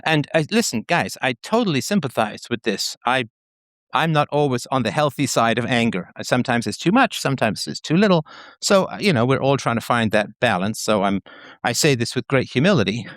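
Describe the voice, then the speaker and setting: A man's voice: medium pitch, brisk, no room sound. A man hosting a call-in show, talking frankly and probing the caller. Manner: frank, probing, lively delivery.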